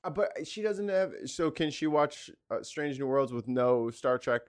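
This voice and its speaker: A man's voice: on the high side, lively intonation, a little slow. A man co-hosting a podcast in casual chat, joking and teasing his friends. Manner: joking, teasing, mock-paranoid. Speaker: podcast co-host.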